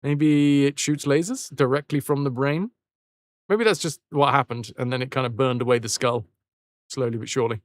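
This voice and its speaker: A man's voice: mid-range voice, normal speed, no echo, studio quality. A British man streaming live, reading a story aloud, stopping to repeat and fix words and swearing at himself. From Britain. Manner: self-correcting, swears, repeats words to practise them.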